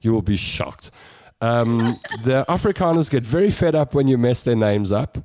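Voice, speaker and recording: A man hosts a casual chat in a chatty, animated way, his pitch swinging up and down and often repeating a phrase. His voice sits in an ordinary middle register, and he sounds at ease with the group. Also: moderate pace, slight background noise. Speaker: host.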